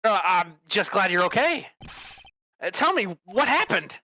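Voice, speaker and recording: A woman's voice: medium pitch, big pitch swings, pushed and bright, exaggerated voice. A woman voicing an earnest, nervous young male defense attorney in a fan game dub. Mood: concerned. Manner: nervous, eager, quick to exclaim.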